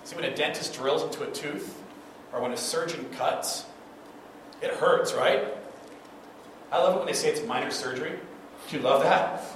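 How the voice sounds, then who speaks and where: Pastor preaching in a booming hall. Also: male voice, normal speed, a bit bright. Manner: conversational, asks the listeners "right?". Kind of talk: sermon. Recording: far from mic in an echoey hall, noisy.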